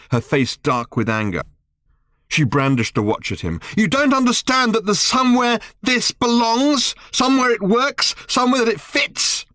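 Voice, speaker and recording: A man narrating an audiobook in a wry, measured manner, with his pitch moving lively through each sentence. The recording is dry and close, with no room sound. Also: dry recording. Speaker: author reading own book.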